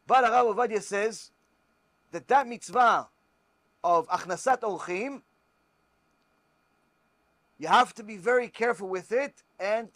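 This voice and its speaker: A rabbi teaching religious law and telling stories, emphatic and repetitive. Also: male voice, high-pitched, no room sound. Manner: emphatic, repetitive, animated storyteller.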